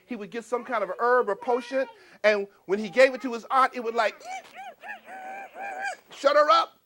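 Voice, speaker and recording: A middle-aged male storyteller with a high voice and a wildly lively delivery. He swings from booming shouts to hushed asides as he tells a folk tale to a live audience, asking the listeners questions along the way.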